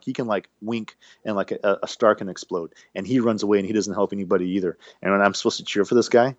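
Podcast co-host, man, fast rambling talk, lowish voice. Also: no echo, muffled recording. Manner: rambling, animated, restarts often. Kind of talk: casual podcast banter.

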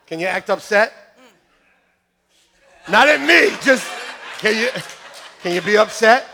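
A man preaching a lively sermon to his church, joking with volunteers in a staged skit and then shouting with excitement. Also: high voice, measured pace, gravelly, a little hiss or hum. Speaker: pastor. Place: church sanctuary.

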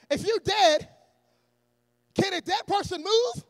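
A man preaching a sermon in a church, energetic and often shouting, with joking asides to the congregation. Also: extremely high pitch, moderate pace, pauses often, no room sound.

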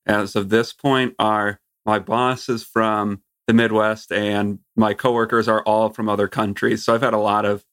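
A man's voice: lowish voice, level tone, moderate pace, few pauses, fairly bright tone. A man chatting casually as a podcast guest, laid-back and a little hesitant. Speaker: guest, host's brother. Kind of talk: casual chat.

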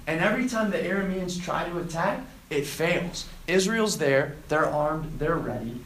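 A man preaching to students, retelling a scripture story and acting out the quoted lines with lively emphasis. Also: on the high side, moderate pace, hardly any pauses, roomy sound, low-quality recording. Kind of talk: sermon to a student group.

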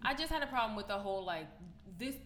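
A woman from New York co-hosting a podcast, talking in a blunt, profane, animated way and telling stories in a casual chat. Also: mid-range voice, fast, a crowd in the background. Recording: roomy, with faint background noise.

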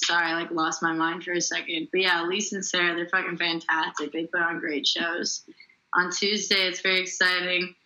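A young woman comedian chats as a podcast guest in a very bright, sharp voice. She cracks dry, self-deprecating jokes in a quick, casual way. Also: fairly low pitch, rough recording.

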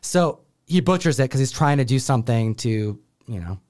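Animated storytelling man, casual chat. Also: medium pitch, moderate pace. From Buffalo, New York. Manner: animated, acts out family voices. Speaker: comic book show host.

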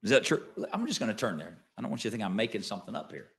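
A man preaching a sermon as pastor, swinging between quiet asides and loud emphatic lines and asking the congregation questions. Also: on the low side, very animated, rapid-fire, creaky. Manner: conversational, asks the congregation questions.

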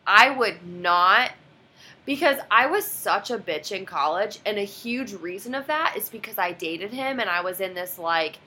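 Young woman, casual chat, lively swooping delivery, bright tone, acts out quotes. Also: medium pitch, a little slow. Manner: animated storytelling, quotes others dramatically. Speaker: guest telling a story.

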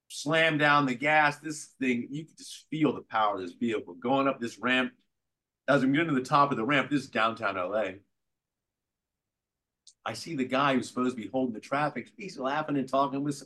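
A man, an actor, telling behind-the-scenes stories in a casual interview, animated and often restarting his sentences. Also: mid-range voice, a little fast. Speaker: actor guest.

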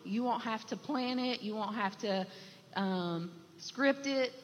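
A woman's voice: on the high side, slow pace. A woman sharing a heartfelt, reflective church testimony with fillers. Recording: dull sound with long hall reverb and faint noise.

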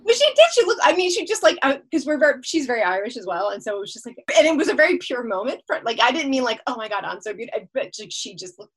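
Woman, podcast guest, slightly high voice, animated, laughs while storytelling. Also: fast talker, few pauses, breathy edge, rough recording. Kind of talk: casual storytelling.

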